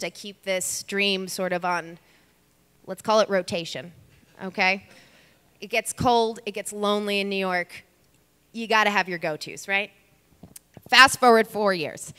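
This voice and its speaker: A woman in her thirties delivers a comic story from the stage in a bright, sharp, smooth voice. She is chatty and wry and speaks straight to the audience. Her voice rings with the long reverb of a live venue. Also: medium pitch.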